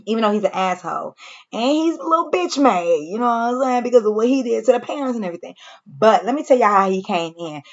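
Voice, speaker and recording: A woman recapping a TV episode for her viewers in a casual, animated way, cursing freely and talking straight to the audience. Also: a little high, quick pace, lo-fi sound. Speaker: TV reaction reviewer.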